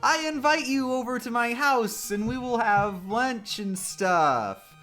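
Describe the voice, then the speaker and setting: A streamer voicing an eager, fawning rich man who invites a guest to dinner, in a high put-on voice. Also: lively intonation, slow pace, fairly bright tone, faint music behind. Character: gushing eager rich male host.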